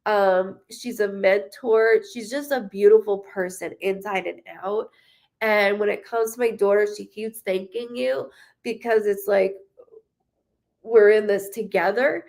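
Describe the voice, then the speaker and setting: A woman's voice: mid-range voice, steady tone, unhurried, darkish tone. Emotional rambling woman medium. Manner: emotional, rambling, many fillers; relays spirit messages. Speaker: psychic medium. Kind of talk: live spirit reading.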